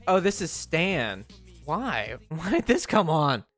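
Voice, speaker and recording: A man's voice: on the high side, sing-song, slow, a bit bright. A male streamer in casual live-stream chat, rambling and joking with many fillers and restarts. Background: faint music.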